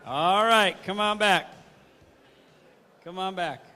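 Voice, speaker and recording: A man giving an energetic, interactive training talk on service, often putting questions to his audience. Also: high-pitched, slow.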